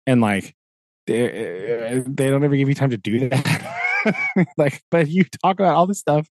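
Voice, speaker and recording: A man's voice: mid-range voice, a little slow, no room sound. A man co-hosting a podcast, venting in a rambling casual chat full of fillers and laughs. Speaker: podcast co-host.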